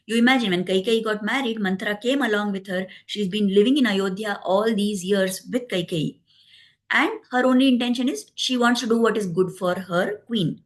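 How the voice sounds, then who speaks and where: Lady telling an old epic story, explaining as she goes, lots of "you know", mid pitch. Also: moderate pace. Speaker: religious storyteller. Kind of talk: devotional epic discourse.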